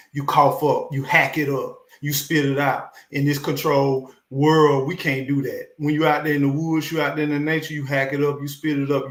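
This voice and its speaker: A man's voice: mid-range voice, fairly bright tone, reverberant. A man hosting a live stream, giving a repetitive, preachy motivational talk.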